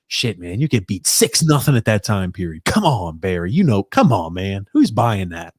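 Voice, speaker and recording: Man, podcast host, rambling, laid-back, low voice, dry sound. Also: very animated, fairly quick, no echo. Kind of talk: casual sports chat.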